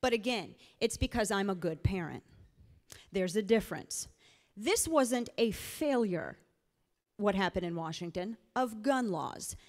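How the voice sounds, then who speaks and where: A woman's voice: medium pitch, expressive, a little slow. Middle-aged woman from the ozarks giving a rally speech, emphatic and chatty, big echoey hall. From rural Missouri Ozarks. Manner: emphatic, storytelling, conversational. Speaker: political speaker. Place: large event hall. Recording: live hall with long reverb.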